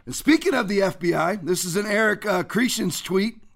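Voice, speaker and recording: A middle-aged man rants through his commentary with mounting indignation, often breaking into shouts. His voice sits very high with a gravelly edge, and it has a bright, sharp tone. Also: normal speed, few pauses. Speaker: commentary show host. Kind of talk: fired-up political commentary.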